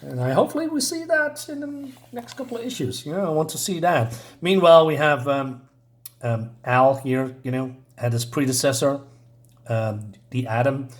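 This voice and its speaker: A man's voice: mid-range voice, expressive, moderate pace. A man reviewing a comic book, recapping the plot in a rambling, casual way and reading character lines aloud.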